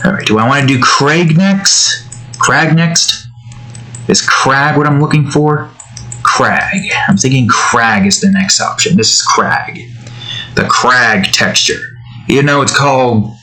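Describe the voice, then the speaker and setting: A young man narrating his digital painting in a loose, rambling way. He mutters to himself as he works, and his voice sits at an ordinary middle pitch. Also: pushed and bright, low-quality recording. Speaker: digital artist. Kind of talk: casual narration while drawing.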